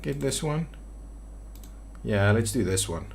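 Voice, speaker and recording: Male let's-player, mid-pitched, casual think-aloud commentary with frequent false starts. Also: expressive, slow pace, vocal fry. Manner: thinking aloud, hesitant restarts while building. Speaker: city-builder video creator. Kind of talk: gameplay commentary.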